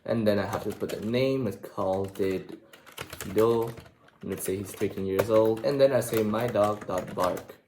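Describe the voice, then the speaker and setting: A man's voice: on the low side, measured pace. Man reading code aloud while typing. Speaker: programming tutor. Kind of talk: screen-recorded coding tutorial. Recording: echoey room with faint typing noise. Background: keyboard typing.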